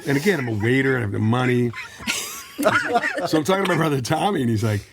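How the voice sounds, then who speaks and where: A man's voice: medium pitch, quick pace, very noisy. A middle-aged man from the American Midwest telling a story as a podcast co-host, laughing and acting out the people he quotes. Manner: animated, laughing, acts out quoted voices. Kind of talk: casual storytelling.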